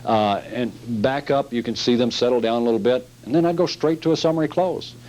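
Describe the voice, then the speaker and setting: A man's voice: mid-range voice, brisk, a little mellow, a little hiss or hum, poor audio. Emphatic man giving a sales training talk. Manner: emphatic and repetitive, acting out scenes.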